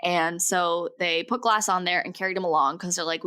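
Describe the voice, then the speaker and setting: A woman's voice: lowish voice, steady tone, moderate pace, pushed and bright, clear, resonant tone. A young woman co-hosting a podcast, telling a story in a loose, jokey way and laughing often. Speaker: podcast co-host. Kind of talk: casual storytelling chat.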